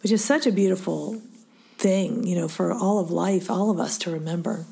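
A middle-aged woman hosts a faith-based interview in a warm, mellow voice. She speaks softly and often sinks into a breathy near-whisper. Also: lowish voice, normal speed. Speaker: podcast host interviewing her daughter.

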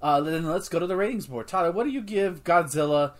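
Man, casual film review chat, rambling, excitable, swearing, restarts. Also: fairly high pitch, brisk. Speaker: podcast host.

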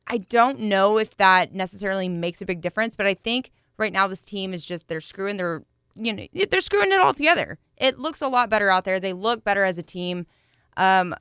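A young woman co-hosting a sports podcast in casual talk, playful and quick to laugh. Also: mid-range voice, fairly bright tone, smooth, no room sound, studio quality.

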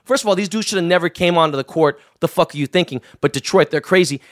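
A man's voice: fairly high pitch, fast talker. A man from Los Angeles telling wild, profanity-laced anecdotes in casual chat, acting out the people he quotes. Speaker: guest.

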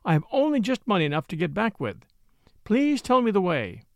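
A man's voice: high-pitched, sing-song, a little fast, gravelly, dry recording, studio quality, heavily acted. A man voicing a poor young countrywoman, an anxious mother pleading for help in an audiobook reading. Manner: pleading, gentle.

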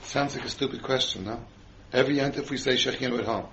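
A man's voice: mid-range voice, fast, a bit bright, muffled recording, slight background noise. A man teaching a Torah class to a group, often quizzing his listeners with questions and answering them himself. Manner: quizzes the audience with frequent questions.

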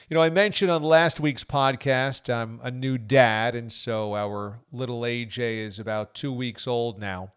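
A man's voice: mid-range voice, a bit bright, clean tone. Enthusiastic man hosting a podcast. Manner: enthusiastic, chatty sports fan. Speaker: podcast host. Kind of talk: casual podcast chat.

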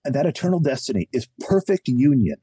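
A middle-aged man speaking as a podcast guest, his husky, mellow voice swinging widely in pitch as he preaches with emphasis. He pokes fun at himself along the way. The sound is close and dry. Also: sing-song, a little fast, no room sound, rough recording. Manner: self-deprecating humor. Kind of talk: animated conversational testimony.

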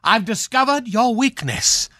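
A grandiloquent aging matinee idol, as a man puts him on for a radio comedy bit, his high voice swooping all over in a slow, lordly drawl. The tone is bright and ringing, recorded close and dry in a studio. Every word is savored with theatrical self-importance. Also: sing-song, no echo, full character voice. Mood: mock menacing. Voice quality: grandiloquent, theatrical, drawn-out delivery. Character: aging pompous British swashbuckling film star, knighted. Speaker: guest film star.

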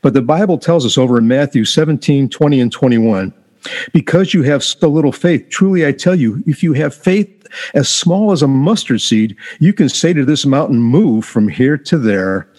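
A man offering earnest encouragement about faith and quoting scripture as he talks. His voice has a husky edge. He speaks conversationally, as if to friends. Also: mid-range voice, lively intonation, normal speed, a little mellow. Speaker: co-host of a faith talk show. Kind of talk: conversational Bible teaching.

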